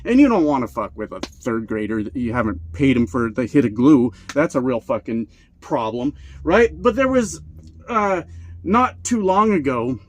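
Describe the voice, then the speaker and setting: A man's voice: mid-range voice, very animated, moderate pace, a little hiss or hum. A man and truck driver vlogging, ranting in a profane, sarcastic, rambling comedic way, a little short of breath. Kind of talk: comedic rant to camera.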